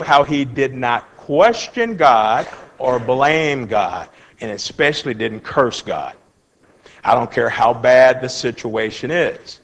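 A man's voice: on the high side, big-room sound, poor audio. A man teaching an informal Bible study, reading verses aloud and then explaining them in a plain, conversational way. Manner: animated, acts out Job's feelings in his own words.

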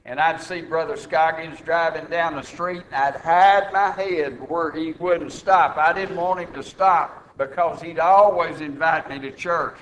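A middle-aged male preacher delivering a sermon, dropping to quiet asides and then building to loud, emphatic points. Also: on the high side, slight background noise, rough recording.

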